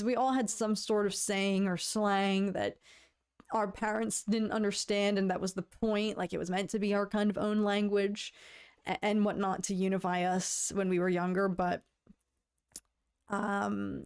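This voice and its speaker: A woman's voice: mid-range voice, creaky, clear, resonant tone. A woman hosting a casual livestream, talking to her viewers in a rambling way, stammering into restarts and playfully lamenting in a mock-dramatic tone. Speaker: livestream host.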